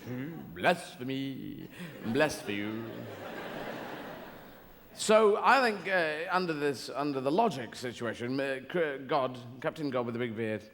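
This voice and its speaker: A man's voice: mid-range voice, animated, normal speed, hardly any pauses, a bit bright. A male stand-up comedian doing a rambling live routine on a theatre stage, full of self-corrections and digressions, with a long echo and background noise around him.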